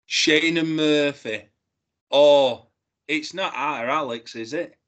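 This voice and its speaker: A man co-hosting a podcast, jokey and halting, often restarting his sentences. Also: a little high, fairly bright tone. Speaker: podcast co-host. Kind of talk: casual review chat.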